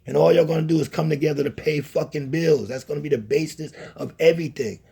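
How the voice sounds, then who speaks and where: Gravelly, husky man lecturing. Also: on the high side, fast talker, mellow. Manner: lecturing, scolding, repetitive. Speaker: channel host. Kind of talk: preachy monologue to camera.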